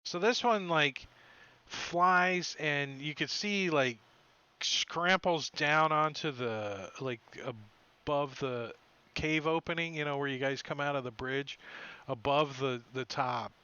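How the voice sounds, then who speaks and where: A man narrates a tabletop game as dungeon master in a bright, slightly high voice. He rambles loosely and drops into goofy creature voices. The stream audio is dull and lo-fi. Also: takes it slowly, smooth, no echo.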